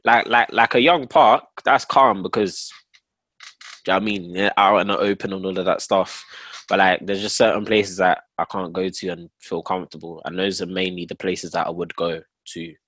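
A young man chatting casually with friends, animated and quick to laugh. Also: low-pitched, no echo. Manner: animated, laughs often, repeats himself. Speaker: podcast co-host. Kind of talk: casual chat among friends.

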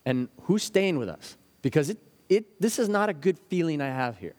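A man's voice: fairly high pitch, sing-song, normal speed, a little mellow. A man preaching a sermon as a pastor, earnest and story-driven, sometimes acting out the anxious voices of children. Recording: hall with long reverb.

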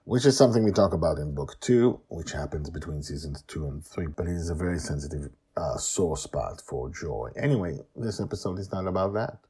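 A man with a deep, husky voice narrates a serialized story podcast. He reads with lively emphasis, then chats to listeners as host. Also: brisk, hardly any pauses.

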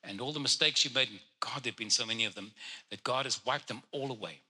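A man ministering as a guest prophet, speaking directly to people in the congregation and teasing them with quick jokes. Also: medium pitch, sharp tone, slight background noise.

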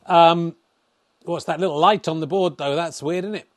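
A man's voice: fairly high pitch, normal speed, dry recording, studio quality. A man hosting a comedy stream, rambling and joking at himself, with an English accent. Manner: rambling, playful, self-deprecating. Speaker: host. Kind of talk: comedy livestream commentary.

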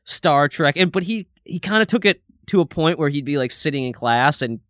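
A man's voice: a little high, lively intonation, moderate pace, fairly bright tone, dry recording. Male podcast co-host, 30s, loose profane storyteller, dry mic. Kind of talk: casual chat.

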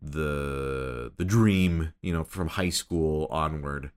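A man hosting a casual interview, talking in a halting way with many hedges and fillers. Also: rumbling low, smooth. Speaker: podcast host.

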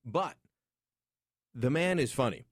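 A man's voice: medium pitch, animated, takes it slowly, breathy edge, dry recording. A man hosting a call-in radio show, joking and opinionated as he talks into a studio microphone. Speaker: radio talk show host.

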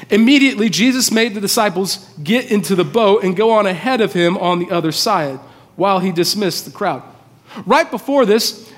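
High-voiced pastor in a reverberant hall. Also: male voice. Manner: conversational, informal preaching with asides. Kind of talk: sermon. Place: church hall. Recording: long reverb of a large hall.

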